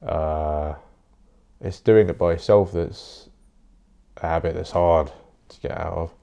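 Young male podcaster, deep gravelly voice, blunt and sweary solo ramble. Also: fairly even intonation, slow, dark tone, lo-fi sound. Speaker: podcast host. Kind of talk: casual solo monologue.

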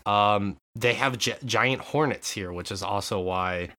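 A young man chatting casually on a podcast, telling stories in a lively way with frequent swearing and laughter. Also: fairly low pitch, measured pace. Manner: animated storyteller, swearing, laughing often. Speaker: podcast co-host. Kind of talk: casual chat.

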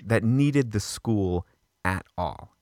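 A man co-hosting a casual podcast, ranting about a movie in an animated, exasperated way with many restarts. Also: on the low side, takes it slowly, dry recording, studio quality. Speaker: podcast co-host. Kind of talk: casual film review chat.

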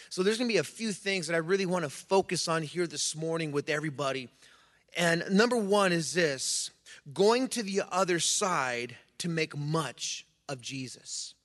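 A man with a high voice delivers a sermon. He reads scripture, then preaches in a loose, conversational way, often restarting his sentences. His voice rings out with a long reverb through a church sanctuary. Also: fairly bright tone. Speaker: pastor.

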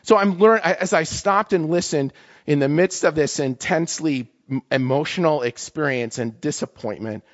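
A man preaching in a loose, conversational way, openly emotional and often checking in with his listeners. His voice sits in an ordinary middle pitch. The recording sounds a little dull and lo-fi. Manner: emotional, conversational, frequent "right?" tags. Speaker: campus ministry staff speaker. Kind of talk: casual sermon talk.

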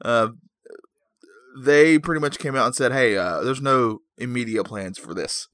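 A man's voice: medium pitch, a little slow, fairly bright tone, no room sound, clean studio sound. A man hosting a podcast in a casual, rambling chat, goofy and self-mocking, just awake. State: just woken up. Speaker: podcast host.

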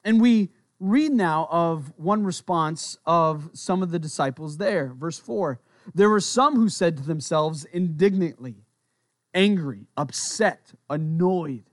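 High-voiced pastor preaching up close. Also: male voice, expressive, unhurried, no echo. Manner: conversational, with playful asides and voiced reactions; repeats words while thinking aloud. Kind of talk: sermon.

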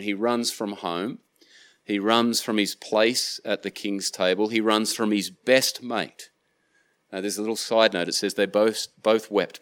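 Male preacher, slightly low voice, relaxed slangy retelling of scripture. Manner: casual, paraphrasing scripture in slang. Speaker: pastor. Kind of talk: sermon storytelling.

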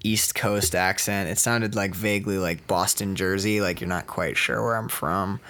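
A man's voice: low voice, fairly even intonation, moderate pace, a bit bright. A man in casual chat, telling rambling, profane stories about acting in a film and laughing often. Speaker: actor.

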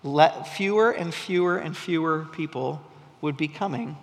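A man's voice: a little high, measured pace, big-room sound. A man preaching a sermon to his congregation in a conversational, storytelling way, often restarting his sentences. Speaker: pastor. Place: church sanctuary.

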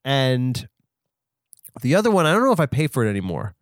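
A man chatting casually on a comedy podcast, rambling and halting. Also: medium pitch, big pitch swings, no room sound, clean studio sound. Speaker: podcast co-host. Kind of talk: casual improvised comedy chat.

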